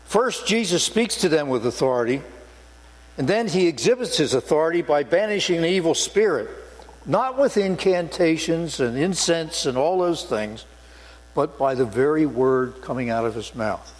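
An older man, once a police sergeant, preaches in a church sanctuary, telling stories earnestly and stressing words emphatically. His voice is a little high and expressive at a normal speed, and the recording has long hall reverb along with mains hum.

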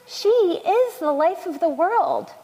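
A woman voicing Old Turtle, gentle and wise. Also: extremely high pitch, animated, takes it slowly, pitched above the performer's own voice, exaggerated voice. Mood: solemn. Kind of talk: storybook reading. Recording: long hall reverb.

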